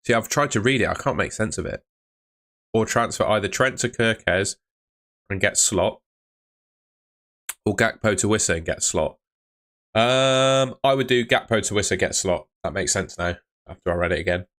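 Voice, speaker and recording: Brief: man, somewhat low voice, easygoing live stream host, chatty, answering viewer questions. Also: lively intonation, moderate pace, pauses often, fairly bright tone. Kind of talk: casual live stream chat.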